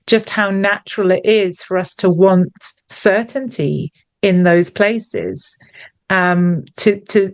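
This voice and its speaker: A woman's voice: medium pitch, dry recording. A woman co-hosting a podcast, speaking in a reflective, searching way about feelings, often restarting her sentences. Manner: thoughtful, searching, with many restarts. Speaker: podcast co-host. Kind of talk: reflective conversational chat.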